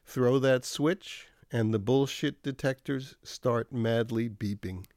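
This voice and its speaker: Slow, wry man reading a commentary. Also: mid-range voice, darkish tone. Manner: dry, wry, measured delivery. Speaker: radio commentator. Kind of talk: scripted radio commentary.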